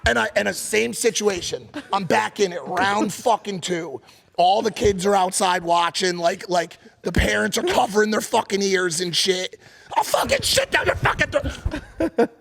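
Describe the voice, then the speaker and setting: A man co-hosting a podcast, telling a rambling, profane story and loudly acting out the people he quotes. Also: high-pitched, moderate pace, gravelly. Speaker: podcast co-host. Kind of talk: animated storytelling.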